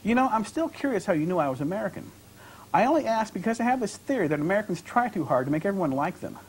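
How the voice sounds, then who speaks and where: A man's voice: high-pitched, very animated, quick pace, slight background noise, voice pushed up, poor audio. A man reading aloud from his novel, voicing a wry, talkative young American woman traveler with ironic, lightly defensive chatter. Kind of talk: author reading dialogue aloud.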